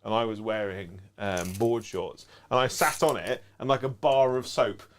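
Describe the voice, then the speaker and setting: A man with a West Country English accent, co-hosting a live tabletop game stream, jokey and prone to loud outbursts. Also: lowish voice, normal speed, a little hiss or hum. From Somerset, England. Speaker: co-host. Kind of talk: casual banter on a live stream.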